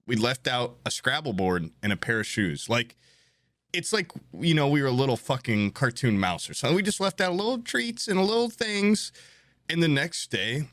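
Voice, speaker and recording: A man's voice: medium pitch, moderate pace, no echo, studio quality. A young man telling a comedic story on a podcast, swearing casually and acting out the voices of the people in it. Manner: animated, swears often, acts out quoted voices.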